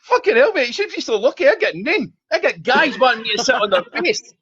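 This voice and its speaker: A man's voice: very high voice, big pitch swings, quick pace, pushed and bright, slightly rough, highs cut off. A man, a guest on a live podcast, telling stories with lots of laughing and swearing. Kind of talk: casual live podcast chat.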